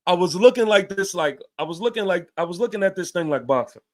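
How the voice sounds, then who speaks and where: Heated high-voiced man ranting post-game. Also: lively intonation, fast. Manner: heated, emphatic, repeats points, casual swearing. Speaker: fan show host. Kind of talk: post-game fan rant.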